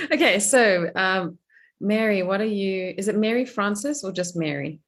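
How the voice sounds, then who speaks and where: A woman's voice: medium pitch, lively intonation, slow pace, slight background noise. A middle-aged woman life coach running a live online coaching session over a video call, chatty and laughing often.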